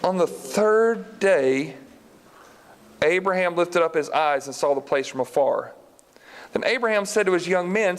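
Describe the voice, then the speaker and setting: An animated male Bible teacher reads scripture and quizzes his listeners as he goes. His voice sits fairly high. A long reverb from the large hall trails after every line. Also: a little slow, pauses often. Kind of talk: live Bible lesson.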